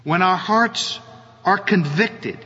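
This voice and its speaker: A male pastor preaching a sermon, slow and earnest, often asking his listeners rhetorical questions. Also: high-pitched, bright, forceful tone, slightly rough. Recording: dull audio with long hall reverb.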